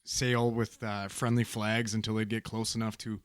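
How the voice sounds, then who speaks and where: A man's voice: fairly low pitch, level tone, moderate pace, no echo, clean studio sound. A man co-hosting a casual podcast, loose and joking, with swearing. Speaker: podcast co-host.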